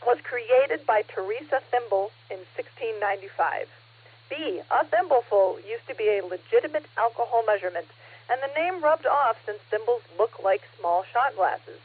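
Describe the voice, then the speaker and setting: A woman's slightly husky voice comes through a thin, band-limited radio link. She reads a trivia question aloud with a playful, teasing manner. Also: fairly high pitch, expressive, moderate pace. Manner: playful, joking. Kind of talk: casual radio chat. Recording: tinny radio transmission.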